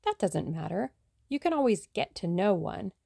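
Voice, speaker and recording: A woman's voice: medium pitch, sing-song, moderate pace, gravelly, warm tone, no room sound, clean studio sound. A woman reading as a plucky young adventuress.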